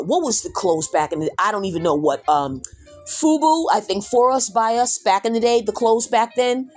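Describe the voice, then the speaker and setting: A middle-aged woman hosting a podcast, telling a story loudly and animatedly, talking straight to her listeners and swearing casually. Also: fairly high pitch. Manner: animated, loud, addresses listeners directly, swears. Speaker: podcast host.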